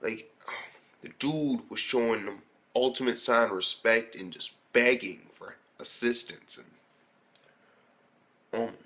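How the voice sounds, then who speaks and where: A man's voice: medium pitch, unhurried, pauses often. A young man giving a casual, rambling anime episode review, swearing often and switching from hyped to unsure. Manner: profane, rambling, excitable, lots of fillers.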